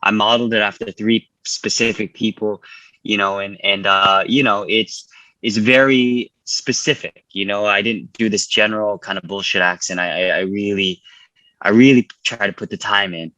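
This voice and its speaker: A man's voice: on the low side, fairly even intonation, normal speed, sharp tone, no room sound, low-quality recording. A man from California, a filmmaker guest answering interview questions casually and earnestly, often repeating words and filling with "you know".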